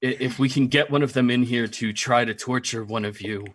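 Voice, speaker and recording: A man playing a tabletop game, earnest and a little halting, arguing his case. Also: mid-range voice, a bit bright, slight background noise. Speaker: player. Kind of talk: tabletop role-play, in and out of character.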